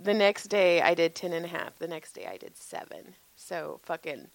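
A woman's voice: on the low side, moderate pace, gravelly. A woman in her forties telling casual stories with lots of swearing, frequent laughter and acted-out quotes. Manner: animated, profane, laughs often, acts out quotes. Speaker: podcast co-host, massage therapist. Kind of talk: casual storytelling chat.

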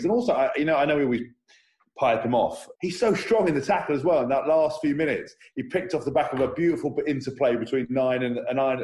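A quick-talking man from England chats about rugby in a loose, excitable way. His voice bounces around an echoey room. He rambles with energy, like a former player among friends. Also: medium pitch. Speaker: former player, podcast co-host. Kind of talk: casual sports chat.

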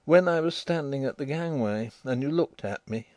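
A man reading a storybook voices an impulsive young man who speaks gruffly and abruptly. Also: medium pitch, normal speed, a little mellow, no room sound, lightly acted.

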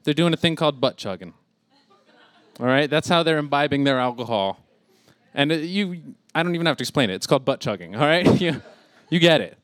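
A man's voice: fairly high pitch, expressive, fairly quick, fairly bright tone, no room sound. A man in his thirties doing a rambling stand-up set, laughing at his own jokes. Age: 30s. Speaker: stand-up comic.

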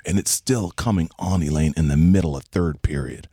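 A man's voice: brisk, hardly any pauses, breathy edge, dry recording, studio quality. A man in his forties, a podcast co-host telling a funny story in casual chat and acting out the voices in it. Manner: animated, acts out quoted voices with big pitch jumps.

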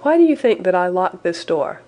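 A woman reading the lines of a smiling, menacing middle-aged country gentleman, whose manner is coaxing and falsely soothing. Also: on the low side, very animated, moderate pace.

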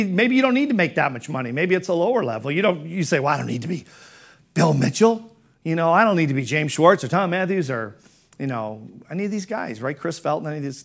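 A middle-aged man with a high-sitting voice gives a motivational business talk as a coach. He fires off rhetorical questions in an emphatic, conversational style.

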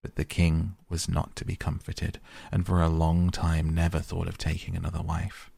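A man reads old fairy tales aloud at a steady, measured pace. His voice is very deep and husky, with a gravelly fry, recorded close and dry. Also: no room sound. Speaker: narrator. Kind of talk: fairy tale audiobook reading.

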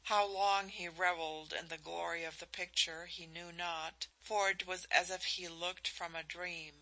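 A woman narrating a novel as an audiobook, in a measured, expressive reading. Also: fairly low pitch, poor audio.

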